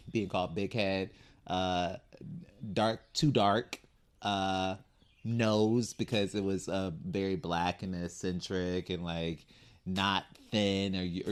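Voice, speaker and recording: Animated, expressive male podcast host. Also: low voice, smooth. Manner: animated, expressive, swears casually. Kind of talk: casual conversational chat.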